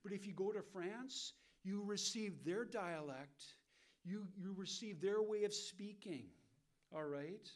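A man's voice: high voice, slow pace. An American man teaching verse by verse from the Bible, asking his listeners questions and answering them himself, with frequent "okay?" checks. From United States. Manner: keeps checking in with "okay?" and "all right?".

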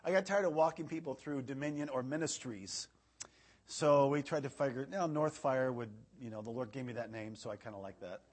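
A man's voice: medium pitch, a little fast, slightly rough. A man preaching a casual, filler-filled sermon, reading scripture aloud with rising emphasis. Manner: chatty, filler-heavy, rises loud when reading verses. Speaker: evangelist preacher.

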